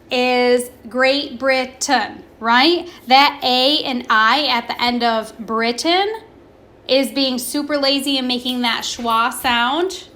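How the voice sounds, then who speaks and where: A woman teacher leads a recorded remote classroom lesson, speaking slowly and deliberately in a bright voice that sits high. She stretches words to model pronunciation, asks questions, and pauses for her students.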